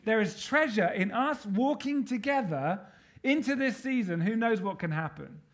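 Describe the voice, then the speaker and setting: High-voiced man preaching an emphatic sermon. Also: animated, normal speed. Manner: emphatic, rallying the congregation with call-and-response questions.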